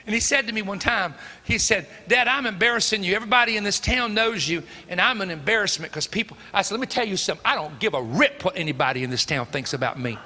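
Middle-aged Tennessee preacher, high bright voice, emphatic storytelling sermon in a reverberant sanctuary. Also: male voice, lively intonation, fast. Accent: Tennessee Southern. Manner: folksy and emphatic, acts out dialogue. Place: church sanctuary. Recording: long hall reverb.

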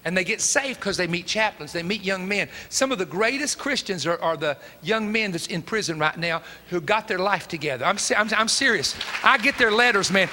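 Middle-aged Tennessee preacher, high bright voice, emphatic storytelling sermon in a reverberant sanctuary. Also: male voice, lively intonation, brisk, few pauses, slight background noise. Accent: Tennessee Southern. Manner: folksy and emphatic, acts out dialogue. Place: church sanctuary. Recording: long hall reverb.

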